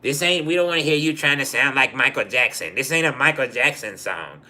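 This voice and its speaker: A man's voice: medium pitch, lively intonation, a little fast, pushed and bright. A man voicing a dismissive grandmother mocking a grandson in a comedy story. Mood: scolding. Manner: mocking, scolding.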